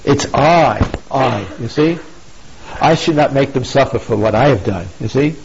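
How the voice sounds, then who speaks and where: A man's voice: mid-range voice, measured pace, vocal fry, darkish tone, husky, voice pushed down, exaggerated voice. A man voicing an abandoned queen who blames her sister, speaking in an accusing, emphatic way. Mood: remorseful. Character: betrayed grieving queen Dido, woman, bitter. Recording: dull lo-fi recording.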